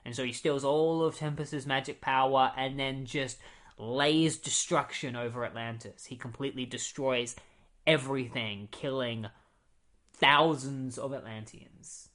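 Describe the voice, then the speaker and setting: A man's voice: medium pitch, steady tone, a little slow, a bit bright. A young man hosting a podcast, casually recapping comic books in a rambling way, full of "like" and fillers. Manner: rambling, fillers, says "like" a lot. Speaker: podcast host.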